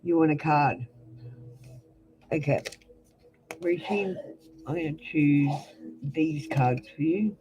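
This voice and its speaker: A woman's voice: sits low, slow pace, long pauses, highs cut off, background noise. A young adult Australian woman giving blunt, chatty tarot readings on a live stream, calling viewers by name. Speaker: tarot reader.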